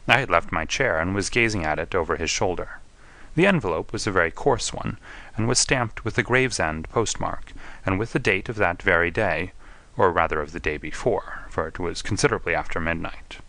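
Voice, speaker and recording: A man narrating an audiobook in a measured, steady storytelling manner. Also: deep voice, dry recording. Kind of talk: audiobook reading.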